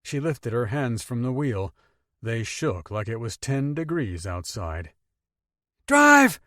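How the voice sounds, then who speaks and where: A man narrating an audiobook in steady, expressive storytelling. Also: mid-range voice, measured pace, dry recording, studio quality. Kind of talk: scripted narration.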